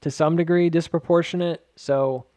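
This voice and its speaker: Rambling, fairly high-voiced man explaining charts. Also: fairly even intonation, moderate pace, warm tone, no echo. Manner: rambling with joking asides; filler-heavy, many "like"s. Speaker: market charting host. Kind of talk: casual chart walkthrough.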